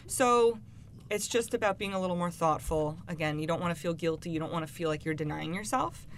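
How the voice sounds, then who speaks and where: A woman speaking as a guest expert, giving calm, measured advice in a casual talk-show chat, with frequent "you know" fillers. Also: on the low side, a little hiss or hum.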